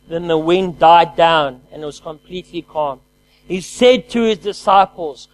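High-voiced energetic male preacher. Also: a little slow, rough recording. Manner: energetic call-and-response preaching; swings from loud to quiet. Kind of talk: sermon.

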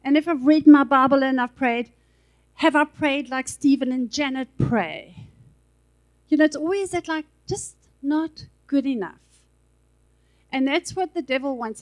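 High-voiced woman preaching casually. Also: poor audio. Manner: conversational, chatty preaching with asides and filler words. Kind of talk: sermon. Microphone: handheld microphone.

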